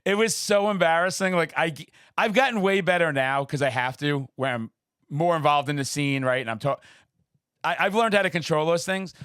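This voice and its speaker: Male podcast host, animated storyteller, slightly high voice, dry sound. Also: moderate pace, clear, resonant tone, no room sound. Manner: excitable storyteller, acts out quotes in high voices. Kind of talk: casual interview chat.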